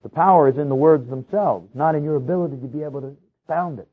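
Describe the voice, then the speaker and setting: Husky male preacher on tinny radio. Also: on the high side, fast. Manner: earnest, rising to loud pleading passages. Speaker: pastor. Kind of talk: sermon. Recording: tinny phone-like radio broadcast.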